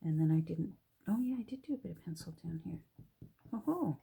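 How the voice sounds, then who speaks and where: A woman's voice: fairly low pitch, lively intonation, brisk, creaky, warm tone, slightly rough. A woman from Canada with a Canadian accent, chatting casually and musing aloud to herself while she works on a craft project. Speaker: junk journal crafter.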